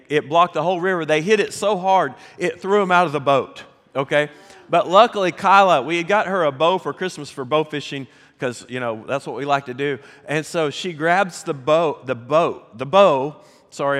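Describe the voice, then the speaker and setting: A middle-aged man with a Southern American accent, a pastor telling a folksy, animated story with laughs during a sermon. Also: on the high side. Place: large church sanctuary. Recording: long hall reverb.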